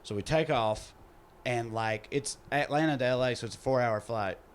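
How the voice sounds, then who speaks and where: A man's voice: mid-range voice, moderate pace, a little hiss or hum. A man with a Southern US accent, a podcast host telling a story in casual chat, acting out the people he quotes, recorded in a theater green room.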